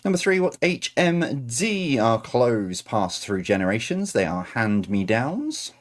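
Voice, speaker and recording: A man's voice: mid-range voice, sing-song, unhurried. A man reading out quiz answers as host, adding chatty, self-correcting asides.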